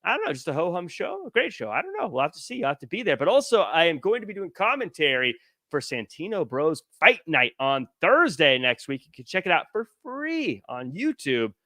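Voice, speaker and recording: Lively, bright-voiced man hosting. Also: on the high side, fairly quick, dry recording, studio quality. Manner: lively, joking, reads viewer comments aloud. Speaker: podcast host. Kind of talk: casual podcast chat. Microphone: headset.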